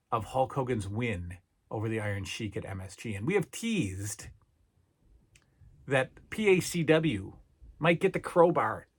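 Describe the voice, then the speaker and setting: A man's voice: mid-range voice, breathy edge. A middle-aged man hosting a toy review vlog, with emphatic, salesman-like patter and repeated phrases as he talks to his viewers. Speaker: toy collector channel host.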